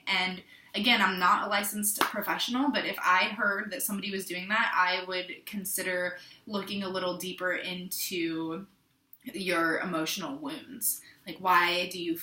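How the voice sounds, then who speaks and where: A young adult woman from the Pacific Northwest vlogs to camera, talking candidly and reflectively to her viewers. She rambles, restarts often, and drops soft asides. Her medium-pitched voice has a roomy sound.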